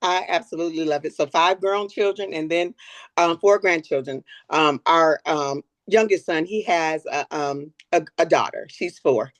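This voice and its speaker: A woman's voice: deep voice, moderate pace, no room sound. An older woman talking openly as a guest in a personal conversation, earnest and reflective, often repeating words as she gathers her thoughts.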